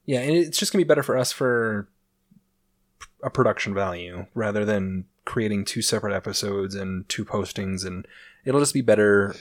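A man's voice: fairly low pitch, normal speed. A man hosting a casual podcast, rambling with fillers and laughing often. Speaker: podcast host.

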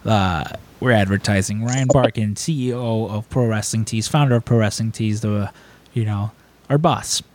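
Speaking at a normal pace in a lowish voice, this podcast host wanders through stories during relaxed conversation. He's animated, voicing what others said in a raised tone.

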